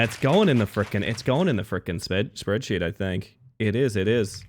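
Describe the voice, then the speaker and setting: A man live-streaming, chatting with his viewers in a playful, excitable way. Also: on the low side, normal speed, faint music behind. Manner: playful, excitable, talks to chat. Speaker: livestreamer. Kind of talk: casual live-stream chat.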